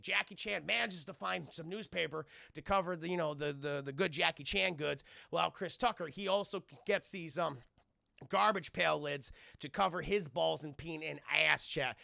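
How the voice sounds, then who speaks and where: A man streamer giving a casual film review to his live chat, retelling scenes in a profane, animated way. His voice is high and heavily gravelly with a bright edge. The sound is dry and close. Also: no room sound.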